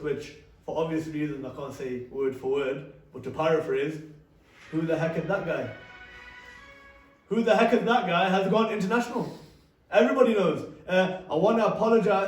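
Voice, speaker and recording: Young man, lively talk, echoey hall. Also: on the high side, recorded from a distance. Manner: conversational, asks the audience questions. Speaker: speaker giving an Islamic youth talk. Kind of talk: interactive talk to a youth audience. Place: hall or classroom with a live audience. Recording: echoey room, speaker off-mic.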